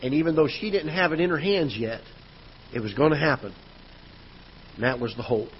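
In a church auditorium, a male pastor preaches a sermon, recounting a personal story conversationally and restarting often. His voice sits on the high side and moves a little fast, with lo-fi sound and slight background noise.

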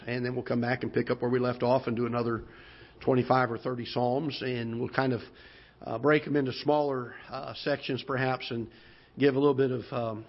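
A man preaching a sermon as pastor, unhurried and folksy with many fillers, slowing down to read scripture. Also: mid-range voice. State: occasional cough. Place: church auditorium. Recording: dull lo-fi church broadcast audio.

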